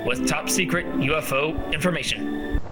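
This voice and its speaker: A man playing a wry old-time documentary host, giving dry, deadpan scripted narration. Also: a little high, normal speed, loud music behind the voice, close to an everyday voice.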